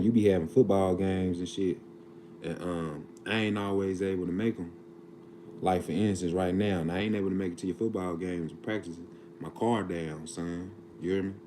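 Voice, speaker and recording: Deep-voiced man on a noisy livestream. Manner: earnest, preachy, drawling street slang. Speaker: livestream host. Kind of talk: casual livestream talk. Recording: noisy background.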